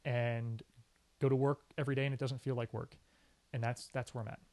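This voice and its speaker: A man in a relaxed interview tells his career story with real energy. His voice sits in an ordinary middle range, and he punches key words and slips into little acted-out quotes. The tone is casual and emphatic throughout. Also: medium pitch, a little fast. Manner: animated storyteller, often acts out quoted speech. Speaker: sports anchor and reporter, podcast guest.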